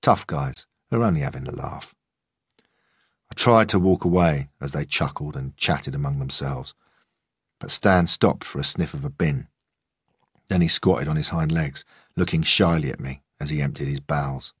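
Male audiobook narrator, very low and husky, measured delivery, dry booth. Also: no echo. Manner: calm, measured storytelling. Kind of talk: first-person audiobook narration.

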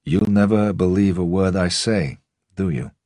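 A man voicing a menacing old Russian-born man with an accent caught between Russian and rural English, speaking gruffly and slowly. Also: sits low, dark tone, no room sound, studio quality, pitched above the performer's own voice. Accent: Russian mixed with rural English.

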